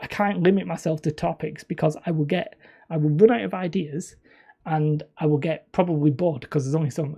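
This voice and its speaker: A woman's voice: on the low side, gravelly, mellow, breathy edge. A woman hosting a live stream, chatty and self-mocking, wandering off topic and sounding tired. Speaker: channel host streaming. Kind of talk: rambling live-stream chat.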